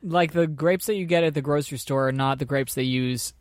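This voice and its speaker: A man's voice: a little high, brisk, no room sound, clean studio sound. A man in casual chat, explaining things in a loose, rambling way. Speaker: co-host.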